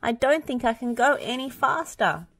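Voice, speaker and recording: Woman doing a little digger guy from a kids book, high, spluttery and straining. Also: expressive, normal speed, gravelly, fairly bright tone, no echo, full character voice. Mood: strained. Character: little male digger, eager but strained.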